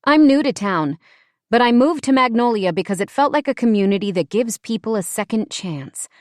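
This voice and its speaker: A woman's voice: a little high, expressive, normal speed, no room sound, clean studio sound, pitched above the performer's own voice, close to an everyday voice. A woman voicing a poised upper-class woman who speaks coldly and firmly, in an audiobook. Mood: icy. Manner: cold, precise, steely.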